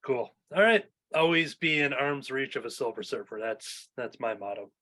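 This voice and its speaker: A man hosting a casual podcast, talking at an ordinary middle pitch. He rambles through preview blurbs with plenty of ums and uhs, recorded at home. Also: animated, moderate pace, sharp tone. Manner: loose, filler-heavy, reading previews aloud. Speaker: podcast host. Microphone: home recording mic.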